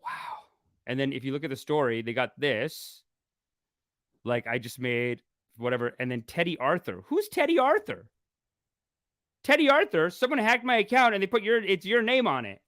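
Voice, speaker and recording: A man, a spiritual teacher, chatting casually to his viewers in a live stream, animated and full of exclamations. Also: a little high, normal speed, no echo, clean studio sound. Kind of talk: casual livestream chat.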